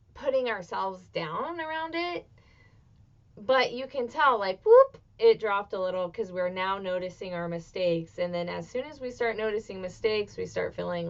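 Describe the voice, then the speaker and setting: A woman in her thirties hosting a motivational solo podcast, talking expressively and swearing freely, with bursts of excitement. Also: fairly high pitch, vocal fry, dull audio. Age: 30s. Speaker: podcast host.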